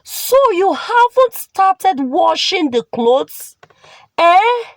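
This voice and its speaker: A woman voicing a bitter newlywed woman who scolds and whines in a high, shrill voice. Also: sing-song, slow pace, dry recording, full character voice. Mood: scolding.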